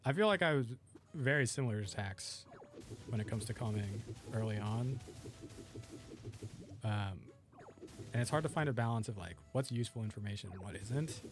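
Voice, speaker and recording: A man's voice: fairly low pitch, expressive, moderate pace, pauses often, music in the background. Laid-back young man chatting while gaming. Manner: laid-back, rambling, thinks aloud while playing. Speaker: streamer playing a video game. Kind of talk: casual gameplay chat with viewers.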